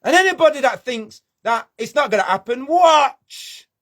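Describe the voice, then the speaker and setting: Guy on an angry sweary rant, high voice that swings all over. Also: animated, moderate pace, fairly bright tone. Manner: swearing, confrontational ranting.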